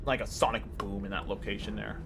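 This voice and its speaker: A man's voice: on the low side, level tone, fast, gravelly, a bit bright, soft background music. A man running a tabletop game as game master, narrating casually and joking at his own expense with mild swearing.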